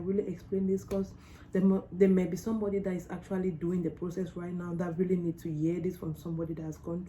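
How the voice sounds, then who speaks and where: A woman's voice: on the low side, dark tone, a little hiss or hum, low-quality recording. A young woman from Cameroon telling her story in a casual storytime vlog, chatty and emotional, with lots of "like". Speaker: vlogger.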